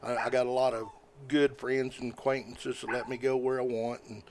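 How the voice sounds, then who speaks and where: An older man, a podcast guest telling stories in a folksy, rambling way, often halting with fillers. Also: medium pitch, level tone, background noise. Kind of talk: casual storytelling.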